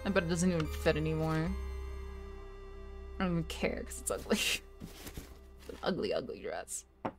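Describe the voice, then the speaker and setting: A woman's voice: low-pitched, sing-song, normal speed, long pauses, over music. A woman streaming a game from her home desk, chatting casually in a playful, giggly way and often apologizing to her chat.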